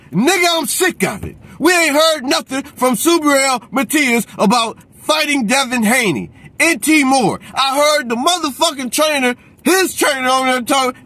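Guy going off about boxing, high voice, cussing, aave, keeps saying he's sick of it. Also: sharp tone. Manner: profane, repeats a catchphrase, mocks others in put-on voices. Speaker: boxing commentator. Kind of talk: heated rant.

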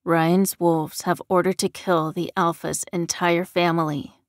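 A woman's voice: fairly low pitch, flat delivery, unhurried, no room sound, clean studio sound, natural voice. A woman voicing a young man, a blunt and brave wolf shifter, giving curt orders in an audiobook. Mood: urgent. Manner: commanding, curt.

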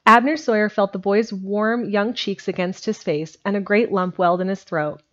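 A woman reading a storybook aloud in a steady, plain way on a home stream. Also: medium pitch, normal speed. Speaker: amateur audiobook reader. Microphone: home streaming microphone. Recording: dull lo-fi home recording.

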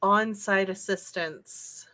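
A woman playing a tabletop game, talking slowly and hesitantly with many fillers. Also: medium pitch, steady tone, pushed and bright. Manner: slow, hesitant, lots of uhs. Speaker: player. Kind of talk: casual tabletop game play.

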